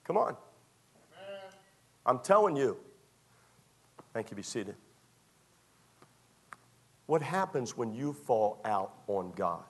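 A man preaching a storytelling sermon, talking to the congregation like a friend. His voice sits at an ordinary middle pitch, and he circles back over the same phrases again and again, sometimes slipping into the voices of people in the story. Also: expressive, slow, long pauses, breathy edge. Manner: repetitive, conversational, acts out scenes. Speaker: pastor. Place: church.

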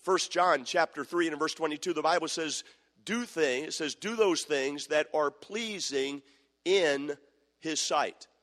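A man's voice: fairly high pitch, unhurried, a bit bright. A man preaching a sermon, firmly repeating questions to the congregation and quoting verses in old scripture wording. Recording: long hall reverb.

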